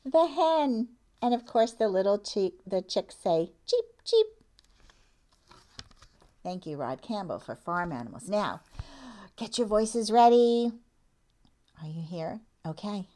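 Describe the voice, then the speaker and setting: A woman librarian running a storytime for small children, speaking slowly and gently with plenty of room between words. She keeps a lively sing-song manner, gasps with delight and makes animal sounds, and her pitch sits in a middle range.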